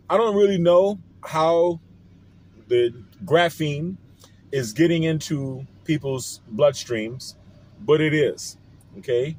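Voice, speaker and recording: Man with a New Orleans accent, unhurried delivery, rambling and conspiratorial, vlog to camera. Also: on the high side, darkish tone. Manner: slow, rambling, hedging, conspiratorial. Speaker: vlogger. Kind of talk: parody of a conspiracy-theory health vlog.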